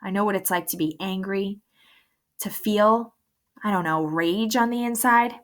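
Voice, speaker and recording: A woman's voice: medium pitch, a little slow, close to an everyday voice. A woman reading the lines of a middle-aged male running coach who speaks firmly and presses his point. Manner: firm, pressing.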